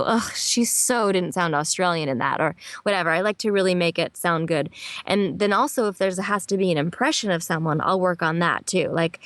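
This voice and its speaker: A woman voice actress answering interview questions in a chatty, animated way. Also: fairly low pitch, dry recording. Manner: chatty and animated, laughs often, slips into quick impressions.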